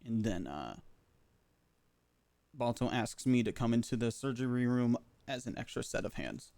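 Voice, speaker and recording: A man playing a medic in a roleplay game, recounting events in character, pausing often with fillers as he talks. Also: mid-range voice, lively intonation, vocal fry, darkish tone, no echo. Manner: halting, filler-heavy recounting. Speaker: roleplay medic giving a statement.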